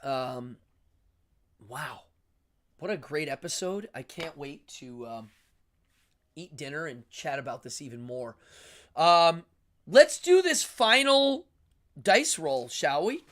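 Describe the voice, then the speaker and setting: A man's voice: mid-range voice, lively intonation, slow, long pauses, fairly bright tone. A man with an English accent hosting a livestream, rambling enthusiastically about philosophy with many ums. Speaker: livestream host. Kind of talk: casual philosophical monologue.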